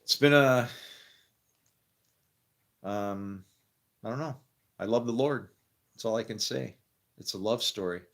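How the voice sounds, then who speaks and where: Rambling male storyteller, somewhat low voice, laughs a lot and drifts quiet at the ends of his thoughts. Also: measured pace, pauses often. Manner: rambling, laughs often, trails off into quiet mumbles. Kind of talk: rambling personal monologue.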